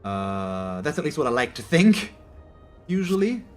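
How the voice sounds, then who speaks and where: A man's voice: mid-range voice, big pitch swings, measured pace, soft background music. A man from Germany, a native German speaker, giving casual, rambling gameplay commentary in English and often correcting himself mid-sentence. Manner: rambling, self-correcting, chatty. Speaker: gaming channel host.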